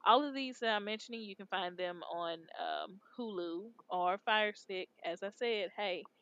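A woman's voice: medium pitch, normal speed, fairly bright tone, muffled recording. A woman from Texas co-hosting a podcast, chatting casually and rambling in slangy speech. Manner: rambling, slangy, laid-back. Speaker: podcast co-host. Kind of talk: casual chat.

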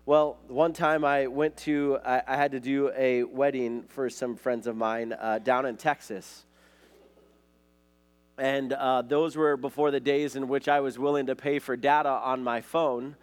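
A pastor from Montana, USA, delivers a conversational sermon, telling stories casually and often dropping "like" and "right?". His mid-range voice is flat and a little slow.

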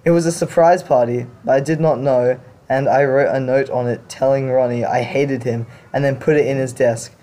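A man's voice: medium pitch, fairly even intonation, normal speed, hardly any pauses, mellow. A man hosting a show, reading confession stories aloud and reacting to them in blunt, casual talk with some swearing. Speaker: podcast host reading stories.

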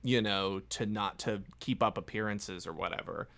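A man's voice: fairly low pitch, moderate pace, vocal fry, a bit bright. A man co-hosting a podcast, making wry, laughing, profane remarks about a film. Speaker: podcast co-host. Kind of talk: casual film discussion.

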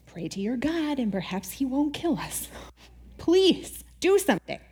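A woman's voice: high-pitched, sing-song, a little slow, a little mellow. A woman voicing a panicked male ship captain who urgently pleads with a man he has just woken.

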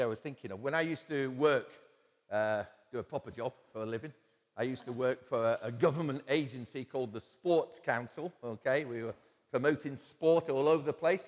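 A man preaching a sermon in a church, telling stories conversationally with quoted asides and chuckles. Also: medium pitch. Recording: long church-hall reverb.

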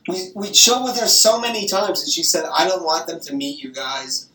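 A young woman talking on the phone with her grandmother, animated and gossipy, swearing often. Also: on the low side, a little fast. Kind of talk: casual phone chat. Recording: roomy echo, distant from the mic.

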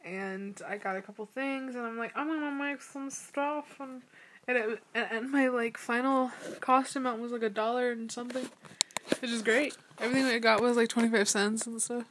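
Young woman, chatty vlogger, rambling and upbeat, voice a touch high. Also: fairly even intonation, brisk, fairly bright tone, slight background noise. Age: young adult. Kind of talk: casual chat.

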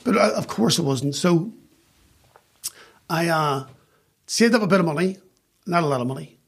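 A middle-aged man with a Northern Irish accent, chatting as a podcast guest and telling self-mocking stories in an animated way. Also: on the high side, moderate pace, breathy edge. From West Belfast, Northern Ireland. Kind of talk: casual storytelling.

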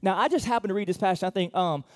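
A man in the pulpit delivering a sermon with a voice pitched a little above the usual male range. His talk is loose and conversational, full of fillers and restarts. He shifts from loud emphatic bursts to quiet, close asides. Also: rapid-fire. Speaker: pastor. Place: church auditorium.

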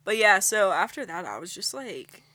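A young adult co-host telling a story in casual chat, animated, laughing along and dropping to a hush for quoted lines. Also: medium pitch, normal speed, noisy background.

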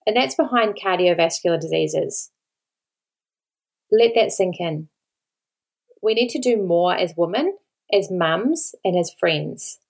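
Earnest Australian mum with a gravelly edge. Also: female voice, on the low side, lively intonation, normal speed. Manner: earnest, pleading, repeats words for emphasis. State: emotional, near tears. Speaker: podcast host. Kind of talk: solo podcast talk.

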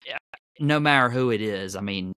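A man's voice: lowish voice, moderate pace, bright, forceful tone, smooth, no echo. A man hosting a wrestling podcast, talking emphatically and with enthusiasm in casual chat.

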